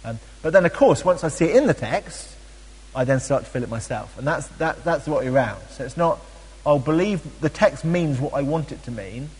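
Husky man teaching in an echoing hall. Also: on the high side, fairly quick. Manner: chatty and animated, with frequent ums and playful asides. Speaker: Bible study teacher. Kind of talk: teaching a Bible study talk.

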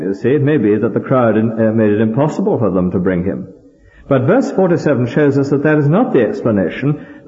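A man's voice: mid-range voice, dark tone. Older male preacher, conversational sermon, tag questions; dull lo-fi hall recording with long reverb.

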